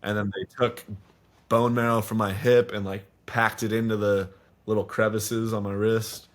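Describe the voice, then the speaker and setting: A man's voice: fairly low pitch, little pitch movement, moderate pace. A young man in his twenties, a podcast guest telling a long story in a casual, rambling way full of swearing. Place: podcast studio.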